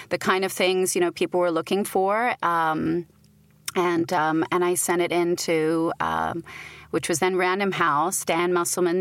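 A woman's voice: fairly low pitch, a bit bright, no room sound. A middle-aged woman from Britain, an audiobook narrator, telling stories animatedly and laughing often in a casual interview.

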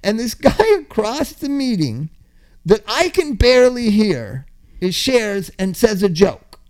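An older man with a high, very lively voice spins a rambling recovery story in a casual chat. He swears freely, laughs at his own jokes and shouts out the lines he once yelled. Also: a little slow. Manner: animated storyteller, swears, laughs often, acts out yelling.

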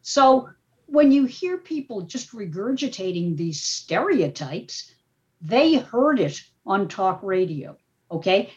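An older woman, a media professor, talking as a podcast guest in an animated, emphatic way that often ends points with a quick "okay?". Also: mid-range voice. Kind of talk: casual podcast talk. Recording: dull, muffled audio.

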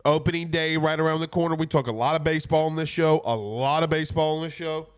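Sick sports-talk host, stuffy nose, laid-back rambling delivery, slightly high voice. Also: male voice, fast talker, smooth. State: congested from a cold. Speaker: podcast host. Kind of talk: casual sports talk, reading viewer comments.

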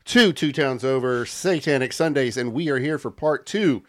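A man's voice: medium pitch, moderate pace, a bit bright, no echo. A man hosting a podcast, joking playfully in casual chat. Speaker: podcast host.

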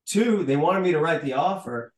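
A man being interviewed as a guest, telling a story in a lively way, acting out the dialogue and stumbling over repeated words. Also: on the high side, normal speed. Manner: animated storyteller who acts out dialogue, with stammered restarts. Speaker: podcast guest. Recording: roomy, echoey room sound.

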